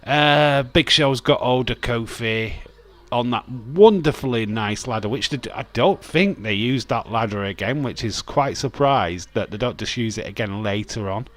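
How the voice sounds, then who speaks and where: A mid-range, slightly bright male voice moves at a normal speed. He's a young streamer hosting a wrestling watch-along, and his commentary is casual and rambling, with plenty of chatter, swearing, laughing, and chat read aloud.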